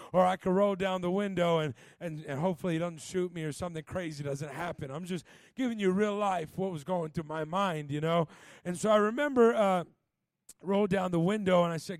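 A young evangelist from Los Angeles with a high voice, preaching a Pentecostal sermon. He leans on "uh" before his phrases, drops "man" and "bro" into his stories, and pushes into shouts of fervor. The sound is close and dry. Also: steady tone, a little fast, dry recording. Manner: says "uh" before many phrases, shouts with rising fervor in the exhortation; conversational storytelling with "man" and "bro". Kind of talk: Pentecostal sermon with a personal story.

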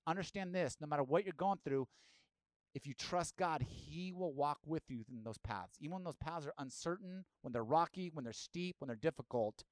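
A man's voice: on the high side, normal speed, dry recording. A man preaching a sermon as pastor, asking the listeners direct questions and rising into emphatic bursts.

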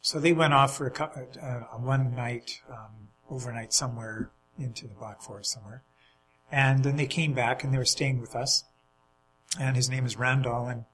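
A man's voice: medium pitch, fairly bright tone, slight background noise, rough recording. A man chatting casually, telling rambling anecdotes with easy laughter. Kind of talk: casual chat, storytelling.

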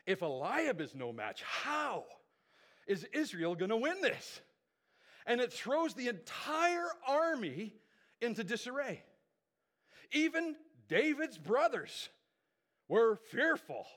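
A man preaching a sermon, retelling a Bible story as an animated storyteller who checks in with his listeners. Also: sits high, measured pace. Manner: animated storyteller with conversational asides. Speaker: pastor.

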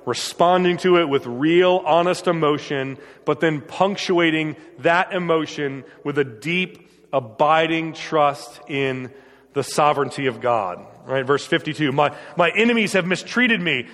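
A man's voice: a little high, a little slow, a bit bright, in a large hall. A man preaching a sermon in an earnest, emphatic way, often repeating his phrases. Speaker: pastor.

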